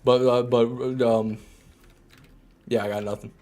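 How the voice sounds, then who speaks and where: Mellow-voiced male gaming streamer. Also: mid-range voice, slow. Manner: relaxed, joking, repeats himself. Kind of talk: casual live commentary reading chat.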